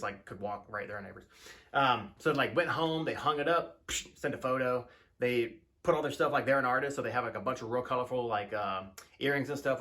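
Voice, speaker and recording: Male vlog host, quick casual storyteller, rambling slangy delivery. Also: bright, forceful tone. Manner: loose, rambling, lots of fillers and slangy asides; acts out quoted people in higher voices. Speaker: woodworking channel host.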